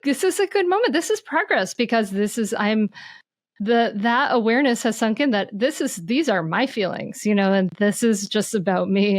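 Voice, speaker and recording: A woman speaks as a podcast guest, teaching about mindful parenting. Her delivery is animated and searching, with frequent restarts as she thinks aloud. The voice sits mid-range and the recording is close and dry. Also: medium pitch, no echo. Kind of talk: conversational podcast interview.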